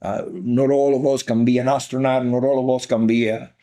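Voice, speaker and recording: An older Cuban interview guest recounts his life with earnest emphasis, going back over key phrases to press his points. He has a Cuban Spanish accent and a mellow, darker tone, pitched at a medium level and kept level, with a brisk delivery.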